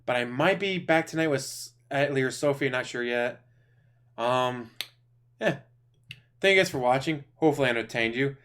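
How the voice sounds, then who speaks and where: A man with a bright, forceful voice chats as a streamer giving casual reaction commentary. He mocks freely, laughs easily and swears through his stories. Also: medium pitch, normal speed, pauses often, clear, resonant tone.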